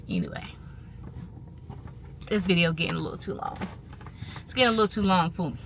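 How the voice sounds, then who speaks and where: A woman vlogging casually to her viewers, animated and chatty, repeating phrases for emphasis. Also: lowish voice, a little fast, pauses often, a little hiss or hum. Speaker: vlogger on trading and finance. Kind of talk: casual talk to camera.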